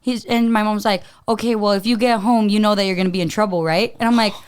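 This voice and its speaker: Smooth-voiced woman podcast co-host. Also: medium pitch, fast. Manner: animated storytelling, acting out quoted family members. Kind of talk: casual chat.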